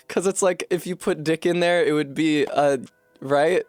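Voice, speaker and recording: A man's voice: high-pitched, drawn-out words, long pauses, fairly bright tone, faint music behind. Profane, joking streamer guy. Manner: joking, profane, rambling asides. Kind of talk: casual chat while gaming on stream.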